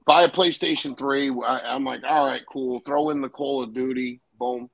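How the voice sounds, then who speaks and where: Gravelly New man telling a story. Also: mid-range voice, steady tone, normal speed, fairly bright tone, poor audio. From New York. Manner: profane, acts out the other people in his stories. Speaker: guest. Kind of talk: casual storytelling.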